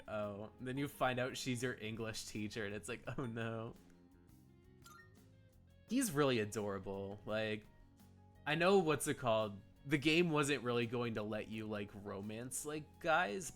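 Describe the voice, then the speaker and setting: A man's voice: medium pitch, fairly bright tone. A man streaming a game and chatting casually, rambling and gushing with frequent giggles. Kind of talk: casual gameplay commentary.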